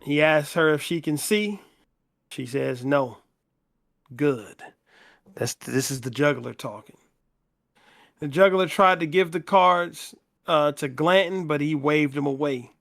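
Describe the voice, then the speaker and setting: Slow-talking man retelling a novel. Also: a little high, gravelly, a bit bright. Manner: slow, conversational retelling with quoted dialogue read in plain voice. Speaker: book club podcast host. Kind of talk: reading and retelling a novel in casual chat.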